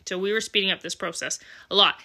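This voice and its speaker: Woman podcast host, solo monologue, bright and forceful tone, heartfelt and blunt. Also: mid-range voice, fast. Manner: earnest, emotional, swears casually. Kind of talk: candid personal monologue.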